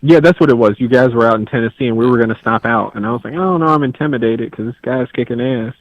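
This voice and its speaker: A man's voice: medium pitch, fast, no room sound, highs cut off. A man in his thirties chatting casually on his phone from a driveway outdoors, laid-back and joking. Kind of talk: casual chat.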